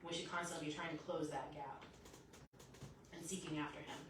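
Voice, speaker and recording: A woman's voice: sits low, fairly quick, a little hiss or hum. Woman preaching in an echoey church. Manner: lively storytelling, acts out quotes. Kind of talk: sermon. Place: church sanctuary. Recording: echoey church hall from a distance.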